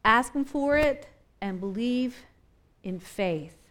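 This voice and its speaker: A woman delivers a sermon in a high, bright voice. She is impassioned and repetitive, building in intensity and then easing back. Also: lively intonation, slow. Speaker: preacher.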